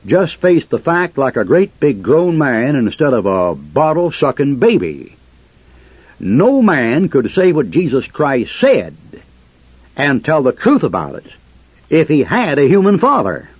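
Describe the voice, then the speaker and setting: Preacher man, fiery sermon, rhetorical questions, lively swinging pitch, husky voice, muffled lo-fi sound. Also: measured pace, no echo. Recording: muffled lo-fi recording.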